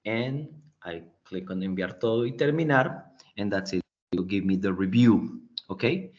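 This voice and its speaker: A dull, lo-fi meeting recording from a computer mic on a video call catches a man with a fairly low, darkish voice talking at normal speed. He teaches English online, guiding his students through a quiz in an explanatory manner and checking in with "right?" again and again.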